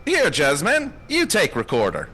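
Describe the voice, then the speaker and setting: Man doing a bubbly travel host, broken english, high voice, swoops all over. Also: huge pitch swings, unhurried, sharp tone, husky, full character voice. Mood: cheerful. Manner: broken English, upbeat announcer.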